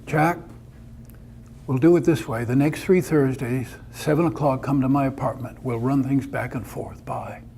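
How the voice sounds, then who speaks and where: A man's voice: mid-range voice, moderate pace, mellow, a little hiss or hum, pitched below the performer's own voice, natural voice. A man voicing an eager, hopeful young woman student in a told story. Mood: brisk.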